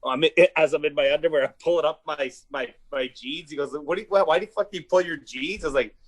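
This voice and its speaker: A man from Canada, a comedian telling rough stories in loose podcast chat. His voice sits a little high and sounds husky. He swears freely and jumps into the voices of the people in his tales. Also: fast. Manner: animated, swearing, acts out quotes. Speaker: comedian guest. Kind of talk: casual storytelling.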